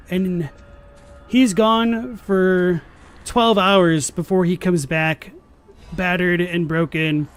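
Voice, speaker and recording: A young man chatting deadpan and rambling while he plays a game live on stream. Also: high voice, smooth. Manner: rambling, filler-heavy. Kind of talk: casual live-stream chat while gaming. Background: faint game music.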